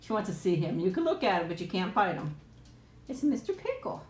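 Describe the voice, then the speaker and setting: A woman's voice: lowish voice, very animated, quick pace, reverberant. A middle-aged woman hosting a casual live chat from home on a tablet, laughing often and cooing at her pet. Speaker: live stream host.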